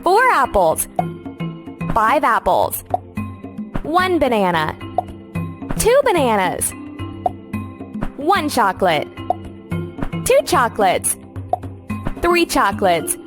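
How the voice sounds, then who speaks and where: Annie, a sunny farm guide. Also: female voice, on the high side, wildly swooping pitch, over music, heavily acted. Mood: sunny, encouraging. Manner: slow, sing-song, encouraging. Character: cheerful young woman farmer guiding kids. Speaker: game guide character. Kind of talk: scripted children's game voice-over.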